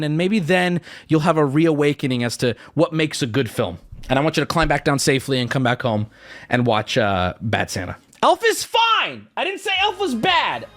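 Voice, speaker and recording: Animated streamer man ranting to chat. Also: on the high side. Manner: animated, swings from mock outrage to joking. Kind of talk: casual rant to chat.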